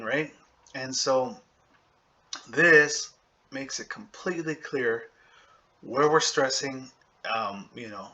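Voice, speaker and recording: A man gives a relaxed video lesson in a bright, forward voice, talking it through with plenty of fillers and quick "right?" check-ins. He slows down to sound out example words for his viewers. The audio is a bit dull and lo-fi. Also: mid-range voice. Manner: conversational, thinks aloud with fillers, checks in with "okay?" and "right?"; drops into spoken examples and sounds out words slowly. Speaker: language teacher. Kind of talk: casual video lecture.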